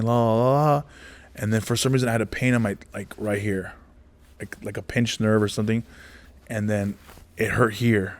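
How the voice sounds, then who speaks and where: A man in his forties, a comedian telling stories in a casual interview, rambling and animated, acting out the dialogue. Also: on the low side. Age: 40s. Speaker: comedian guest.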